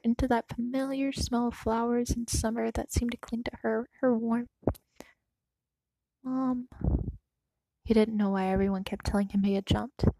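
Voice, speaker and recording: A woman narrating a story aloud, her voice slightly high with a gravelly fry at the edges. Her reading is soft and emotional and sometimes sinks to a whisper. The sound is dry and close to the mic. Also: no room sound, low-quality recording. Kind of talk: reading fan fiction aloud.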